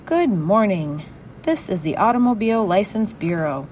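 A woman's voice: mid-range voice, lively intonation, normal speed, darkish tone, a little hiss or hum, voice pushed up, natural voice. A woman voicing a businesslike license-office clerk in a storybook, asking routine questions.

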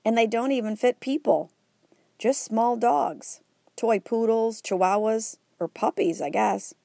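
A woman's voice: a little high, a little slow, gravelly, dark tone, no room sound, voice pushed up. A woman reading the part of a cheerful, health-minded superhero father in a storybook, in a hearty, matter-of-fact way.

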